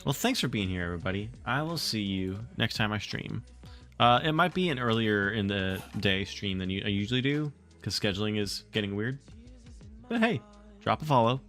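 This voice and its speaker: Brief: playful male streamer reading a children's book, lively swoops, soft music underneath. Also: fairly low pitch, a little fast. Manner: animated, playful. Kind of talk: read-aloud narration and casual stream chat.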